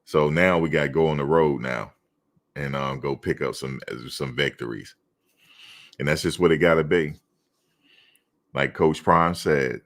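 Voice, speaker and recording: Very deep-voiced male fan stream host. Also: a little slow, long pauses, fairly bright tone. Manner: laid-back, teasing chat commenters. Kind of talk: casual chat reading live comments.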